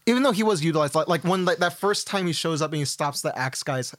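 A man co-hosting a podcast, chatting casually about a film, excitable, laughing, and trailing off mid-sentence. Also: a little high, fast, no echo. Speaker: podcast co-host. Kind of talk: casual movie chat.

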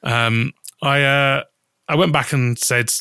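Brief: man, podcast host, bright and dry close sound, rambling storyteller who restarts sentences and swears casually. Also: medium pitch, fairly even intonation, slow pace, smooth, no room sound.

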